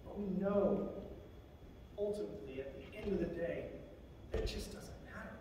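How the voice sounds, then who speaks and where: A man's voice: sits high, moderate pace, mellow, slight background noise. A man preaching a sermon as a military chaplain, talking in a conversational way and acting out the scripture quotes in different voices. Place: large chapel. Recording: echoey chapel from far off.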